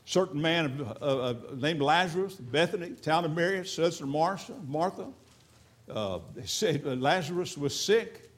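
Man, middle-aged pastor, high-pitched, folksy and repetitive sermon delivery. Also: lively intonation. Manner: folksy, repeats words, slows for emphasis, reads scripture in old English.

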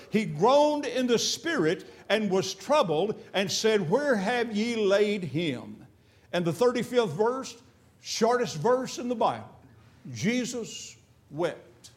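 High-voiced older preacher, fervent. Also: male voice, lively intonation, a little slow. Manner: fervent, repetitive, rising to emphatic peaks then dropping to quiet storytelling. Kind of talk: sermon.

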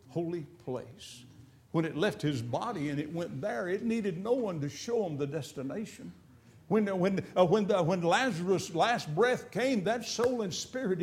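An older man preaching a sermon, fervent and repetitive, swinging between emphatic peaks and quiet storytelling. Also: high voice.

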